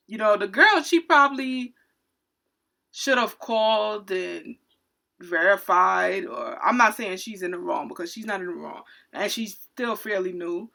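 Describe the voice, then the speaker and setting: Bright-voiced woman ranting a storytime. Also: medium pitch, unhurried, vocal fry. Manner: indignant, animated storytelling. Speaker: retail cashier. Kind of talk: storytime rant vlog.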